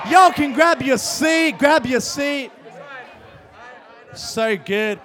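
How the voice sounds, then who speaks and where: Aussie youth pastor guy, really high voice, yelling hype at the crowd, joking around, faint crowd noise behind. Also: normal speed. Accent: Australian. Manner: hyped, shouting to the crowd, jokey. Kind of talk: energetic youth service hosting. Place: large hall with live audience.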